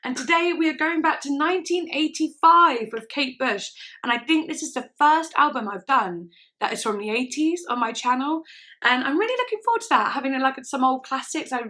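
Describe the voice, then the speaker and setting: A young woman with a high, sharp voice chats enthusiastically while reacting to music, now and then singing along to snippets. A song plays faintly behind her in this casual reaction chat.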